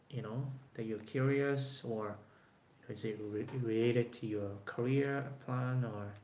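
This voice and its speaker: A man, talking casually to camera with plenty of fillers and restarts. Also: on the low side. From Japan. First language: Japanese. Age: 20s. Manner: rambling with many fillers and restarts. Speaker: vlogger. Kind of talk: casual talk to camera answering viewer questions. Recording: roomy echo, faint background noise.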